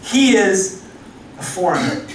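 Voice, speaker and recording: A male pastor preaching a sermon in a casual, animated storytelling way. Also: sits high, takes it slowly, slight background noise. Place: church hall. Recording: echoey hall from far off.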